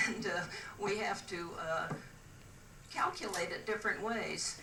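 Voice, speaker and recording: A woman's voice: on the low side, slow pace, gravelly, heavy background noise. An older woman from the West Coast telling stand-up jokes in a dry, hesitant way with many "uh"s. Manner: dry, hesitant delivery with frequent "uh"s. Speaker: stand-up comic on a cruise. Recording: roomy, distant mic with ambience.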